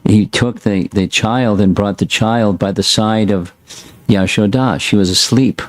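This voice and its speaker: A man's voice: fairly low pitch, measured pace, dry recording. A man teaching a scripture class, reading a passage aloud and breaking in with short plain asides. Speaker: spiritual teacher.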